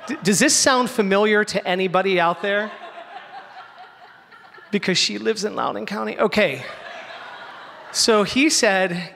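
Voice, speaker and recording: Bright-voiced man telling a story on stage. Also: sits high, gravelly, a little hiss or hum. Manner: animated, slows down for punchlines. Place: stage before a live audience. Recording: hall reverb, faint ambience.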